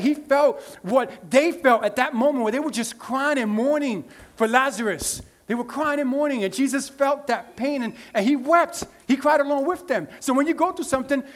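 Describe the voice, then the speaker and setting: Pastor guy preaching, high voice, chatty, keeps saying right, gets quiet then loud. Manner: conversational preaching with frequent "right?" asides and restarts; swings from quiet murmurs to loud emotional bursts. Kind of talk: sermon.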